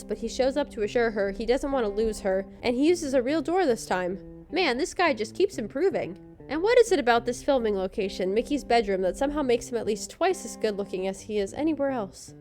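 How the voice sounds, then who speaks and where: A woman's voice: fairly high pitch, darkish tone. A woman co-hosting a podcast, giving a sarcastic, joking recap of a TV episode. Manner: sarcastic, snarky commentary. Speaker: podcast co-host.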